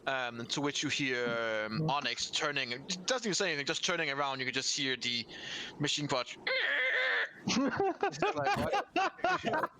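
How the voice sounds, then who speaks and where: A man's voice: mid-range voice, brisk, crowd noise. A man narrating as game master in a rambling, laid-back way, full of fillers.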